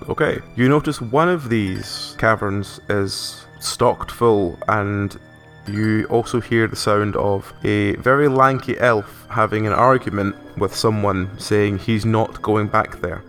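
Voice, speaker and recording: A man's voice: fairly low pitch, slow pace, fairly bright tone, soft background music. A man narrating a tabletop game as game master, loose and casual, dropping lots of "like" as he describes scenes.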